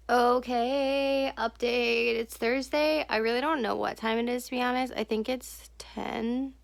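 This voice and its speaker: A woman's voice: mid-range voice, a bit bright. A woman in her twenties chatting casually in a reading vlog at home, swearing freely and now and then dropping to a whisper. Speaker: book vlogger. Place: at home, in bed and in a messy room.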